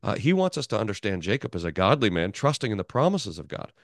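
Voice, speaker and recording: A male pastor teaching a Bible class in an animated way, often restarting his sentences and chuckling. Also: lowish voice, fast, no room sound, clean studio sound. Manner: animated, chuckling, self-interrupting.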